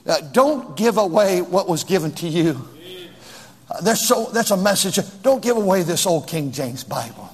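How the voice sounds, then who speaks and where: A husky, high-pitched man preaches from the pulpit, reading old scripture aloud and driving home his points with repeated refrains. His voice rings out with a long hall reverb behind it, as in a large church sanctuary. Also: animated, moderate pace. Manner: exhorting, repetitive refrains, mocks voices in quotes. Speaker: pastor.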